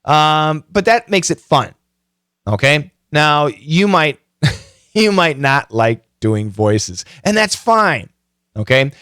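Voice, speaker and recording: A man's voice: fairly high pitch, lively intonation, takes it slowly, a bit bright, clear, resonant tone, no room sound, clean studio sound. A middle-aged man hosting a podcast, giving a casual, chatty tutorial full of self-mocking jokes and frequent fillers. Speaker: podcast host.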